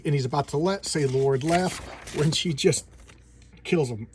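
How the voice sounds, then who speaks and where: A man's voice: a little high, normal speed, a little mellow, slight background noise. A man casually recapping a comic book plot, rambling with many restarts and repeated words.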